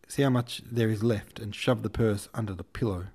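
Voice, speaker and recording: A man's voice: lowish voice, brisk, a little mellow, breathy edge. A man voicing a hot-tempered, swearing young cavalry officer who cannot pronounce his R's. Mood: blustering. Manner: blustering, swearing.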